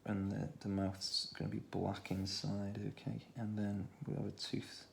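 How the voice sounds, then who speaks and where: A man with a Stoke-on-Trent accent, talking through a children's drawing tutorial in a relaxed way, thinking aloud as he draws. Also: fairly low pitch, measured pace, gravelly, a little hiss or hum. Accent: Stoke-on-Trent English. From England. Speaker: art tutor.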